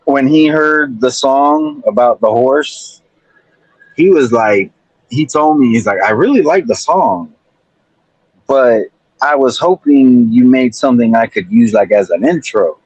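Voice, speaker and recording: A man's voice: mid-range voice, animated, a little slow, a little mellow, slightly rough, no echo, poor audio. A man chatting casually as a guest on a livestream panel, in a laid-back, rambling way. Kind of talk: casual chat.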